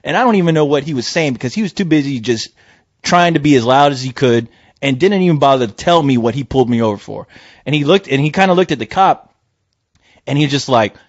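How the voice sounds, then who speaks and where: A man's voice: mid-range voice, fast talker, dry recording. A man hosting a casual podcast chat, telling a story full of swearing and acting out the voices of the people in it. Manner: profane, animated, acts out quoted voices. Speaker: podcast host. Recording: dull dry lo-fi sound.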